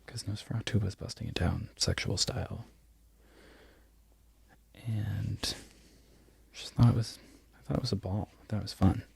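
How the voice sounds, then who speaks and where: A man in a whispered ASMR ramble who loses his train of thought and laughs softly at himself. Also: on the low side, normal speed, gravelly, pauses often, slightly rough, dry recording. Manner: mostly unvoiced whisper. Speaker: crochet content creator.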